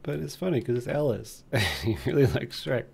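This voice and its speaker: A man's voice: mid-range voice, very animated, normal speed, creaky, a little mellow, husky. A man chatting casually on a live stream, rambling and joking as he reads the chat.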